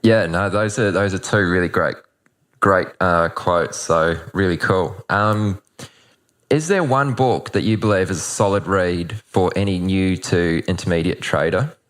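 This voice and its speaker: A man with a low voice hosts an interview. He keeps his replies short, agrees with his guest, and moves on to the next question. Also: unhurried, fairly bright tone. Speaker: podcast host. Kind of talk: casual interview talk.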